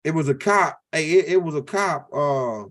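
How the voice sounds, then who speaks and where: A high-pitched man from tells a loose, rambling stand-up story. He circles back, repeats lines and keeps asking "right?" as he talks. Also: normal speed, fairly bright tone. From Louisiana. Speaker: comedian.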